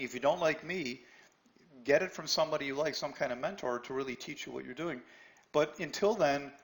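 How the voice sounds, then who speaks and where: A man teaching trading to an online class in a slightly high voice. He is blunt and pushy, keeps checking with "right?", and trips over his own restarts as he challenges students by name. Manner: blunt, repeats "right?" often, stammers on restarts. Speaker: trading instructor. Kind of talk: live webinar lesson.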